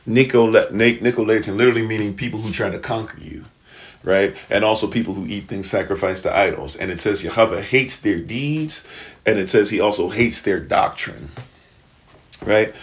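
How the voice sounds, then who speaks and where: A man preaching in a casual, slangy way, retelling a scripture story and acting out its characters. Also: lowish voice.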